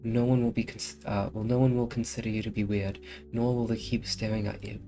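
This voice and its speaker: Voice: mid-range voice, flat delivery, fairly quick, dark tone, faint music behind, lightly acted. A streamer voicing a lonely girl who pleads and begs others to stay with her, reading game dialogue aloud. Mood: longing. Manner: begging, clingy.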